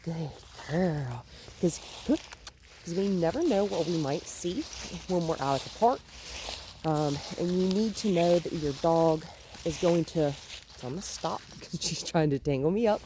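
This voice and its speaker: Young female dog trainer, lowish voice, swooping delivery, outdoors with faint background noise. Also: a little slow. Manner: calm explaining, with cooing praise to the dog. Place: outdoors in a park.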